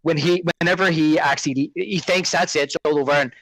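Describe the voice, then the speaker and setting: A man's voice: fairly high pitch, brisk, no echo, low-quality recording. A man co-hosting a podcast, chatting casually about a film and acting out its lines. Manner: animated, quotes film lines in character. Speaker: podcast co-host.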